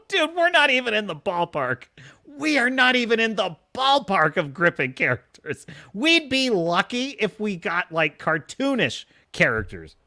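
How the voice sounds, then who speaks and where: A man's voice: high voice, very animated, measured pace, sharp tone, no echo, clean studio sound. A young man ranting scornfully during a live stream, often breaking into laughter as he reacts to reviews.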